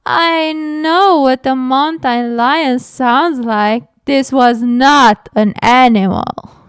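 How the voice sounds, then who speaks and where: A young woman reading a scary story aloud, halting to react with gasps and nervous laughs. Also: sits high, clear, resonant tone, no echo, studio quality. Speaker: horror story reader and reactor.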